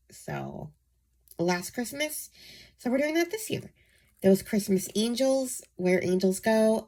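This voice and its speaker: A woman hosting her book channel, sick and nasal, talking softly to save her voice, with frequent ums. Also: medium pitch. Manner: soft-spoken, saving her voice, many ums. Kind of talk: casual book vlog.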